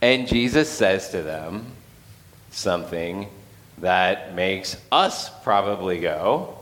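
Man preaching in a bright ringing hall. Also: low voice, lively intonation, takes it slowly. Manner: conversational storytelling with acted quotes and laughs. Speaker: pastor. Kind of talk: casual sermon.

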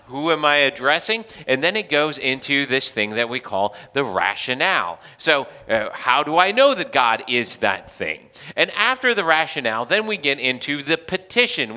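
A man's voice: medium pitch, sharp tone, clear, resonant tone. A man preaching a sermon as pastor, conversational and joking, with frequent restarts. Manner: conversational, self-deprecating humor, frequent restarts. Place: church sanctuary. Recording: long hall reverb.

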